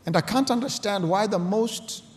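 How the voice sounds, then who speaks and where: A man's voice: high voice, normal speed, slight background noise. Earnest man speaking in a reverberant hall. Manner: earnest, storytelling, emotional emphasis. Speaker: conference speaker. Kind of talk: conference talk with anecdotes.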